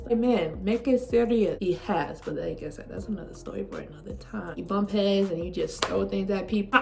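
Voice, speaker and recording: With faint music behind her, a woman in her twenties speaks fairly quickly in an animated, creaky, medium-pitched voice. She's a vlogger at home sharing a personal story, casual and heartfelt, rambling and full of "like".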